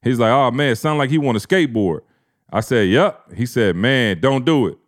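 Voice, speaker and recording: A man's voice: mid-range voice, expressive, moderate pace. A man in his thirties, a podcast co-host, telling a family story in casual slang and acting out the quotes.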